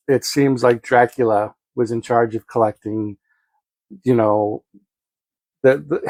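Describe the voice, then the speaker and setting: Man, movie reviewer, casual and rambling, fillers and corrections, dry close sound, mid-pitched voice. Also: darkish tone, no echo. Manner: rambling, lots of ums and self-corrections. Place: home studio.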